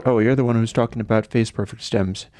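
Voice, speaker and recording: A man's voice: mid-range voice, fairly even intonation, fast talker, darkish tone, no echo, clean studio sound. A man hosting a livestream, telling a story in a rambling, conversational way. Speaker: livestream host. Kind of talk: casual livestream chat.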